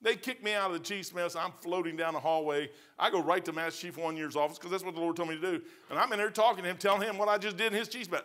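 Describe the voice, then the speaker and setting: A man's voice: high-pitched, fast, few pauses, fairly bright tone. A male pastor with a Midwestern American accent, preaching a verse-by-verse sermon in a folksy, emphatic way with colloquial phrasing. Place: church sanctuary.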